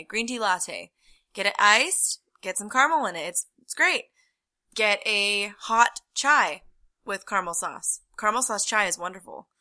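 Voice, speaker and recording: A woman co-hosting a casual chat, teasing her partner with quick laughs and dry asides. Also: medium pitch, sharp tone. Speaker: podcast co-host, barista.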